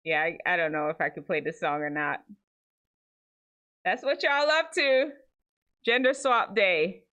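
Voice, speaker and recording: A woman's voice: lowish voice, measured pace. A woman hosting a casual show, chatting to viewers about viral clips. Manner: chatty, animated, talks to viewers as y'all. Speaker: host of a reaction show.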